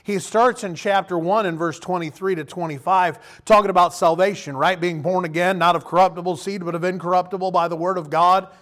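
Pastor, man in his thirties with a high-pitched voice; relaxed, conversational sermon delivery that slips into quoted voices. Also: fairly quick, hardly any pauses.

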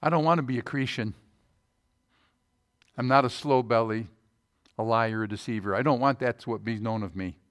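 A man preaching a conversational sermon, folksy, often asking the room rhetorical questions and swinging between loud emphasis and quiet low asides. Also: moderate pace, pauses often. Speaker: pastor.

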